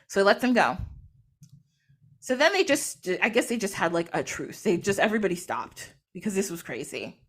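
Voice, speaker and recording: A woman casually retelling a myth, animated and laughing often as she acts out the quotes. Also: medium pitch, normal speed. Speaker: podcast guest or host.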